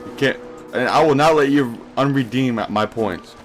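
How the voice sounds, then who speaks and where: Young guy, live streamer, casual rambling chat to viewers; mid-pitched, faint music bed. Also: normal speed. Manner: rambling, talks straight to viewers, answers chat questions.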